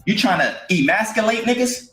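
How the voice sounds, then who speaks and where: A man's voice: high voice, expressive, fairly quick, a bit bright. A man giving blunt, slangy, scolding commentary on a stream. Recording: roomy echo with faint music.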